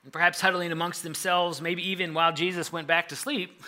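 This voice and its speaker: A man's voice: on the high side, fairly even intonation, fairly quick, sharp tone. A man retelling a Bible story as a sermon, dramatizing the scene with rising urgency.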